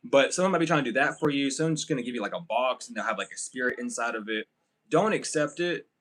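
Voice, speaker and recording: A man's voice: medium pitch, lively intonation, fast, a bit bright, poor audio. Give me a profane, rambling male tarot reader who laughs often. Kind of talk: casual spiritual reading.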